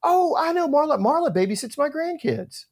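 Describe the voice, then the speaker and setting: A man putting on the high, lilting voice of a gracious older woman who owns a restaurant, while retelling a story. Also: sing-song, moderate pace, heavily acted. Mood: delighted.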